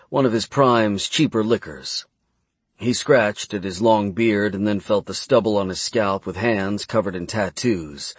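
A man narrating a fantasy novel as an audiobook, reading in a measured, dramatic way. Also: on the low side, breathy edge, no room sound.

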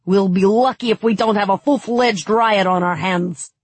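A woman voicing an angry male city guard who yells in alarm at the edge of a riot. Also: mid-range voice, normal speed, slightly rough, dry recording, voice pushed up, natural voice. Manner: yelling angrily.

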